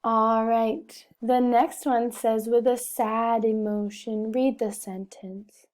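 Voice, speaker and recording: A woman teaching a recorded reading lesson to small children speaks slowly and patiently, modelling each sentence with feeling. Her voice sits a little high but sounds warm and mellow rather than bright. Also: level tone. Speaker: first-grade teacher.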